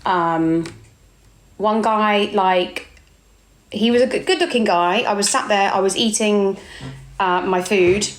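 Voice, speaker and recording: A woman's voice: medium pitch, slow pace, pauses often. A young woman with an English accent, chatting casually on a live stream, reading out viewer comments and calling people darling. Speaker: livestreamer.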